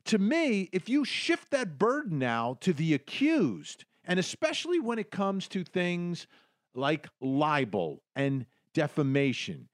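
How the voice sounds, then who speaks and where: A man's voice: high-pitched, no room sound, studio quality. A man from the United States hosting a legal commentary show, emphatic and repeating phrases to drive his points home. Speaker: host.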